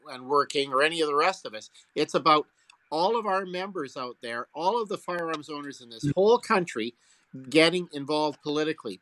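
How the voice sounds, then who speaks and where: A man from Canada speaks emphatically on a panel, pressing the point hard. His voice is bright and tense, set somewhat high, and the sound is dry and close with no room around it. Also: no room sound. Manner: emphatic, rallying. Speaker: firearms advocacy panelist. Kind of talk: casual panel discussion.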